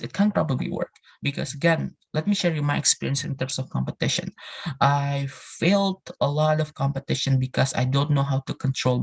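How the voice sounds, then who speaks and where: Earnest man giving a motivational talk. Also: a little high. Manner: earnest, repeats phrases, many restarts and asides; addresses listeners directly with "you know" and "right". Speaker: public speaking presenter in a live English class.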